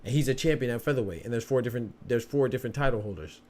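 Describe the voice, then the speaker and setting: A man's voice: mid-range voice, rapid-fire, a little mellow. A young man hosting a solo boxing podcast, talking casually in streetwise slang and often repeating himself.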